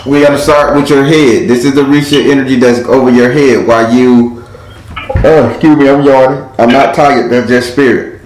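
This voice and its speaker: A man's voice: mid-range voice, steady tone, fairly quick, a little mellow, roomy sound, a little hiss or hum, rough recording. Blunt streetwise man reading cards. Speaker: tarot reader. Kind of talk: live spiritual card reading.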